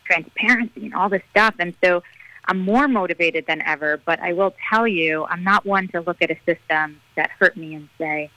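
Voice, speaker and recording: A woman political candidate speaking as a radio interview guest, energetic, earnest and rallying. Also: on the low side, moderate pace, no echo, lo-fi sound.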